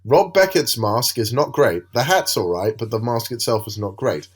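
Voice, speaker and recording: A man's voice: mid-range voice, lively intonation, moderate pace, slightly rough. Hesitant podcast co-host man. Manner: hesitant, rambling with fillers. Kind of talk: casual podcast chat.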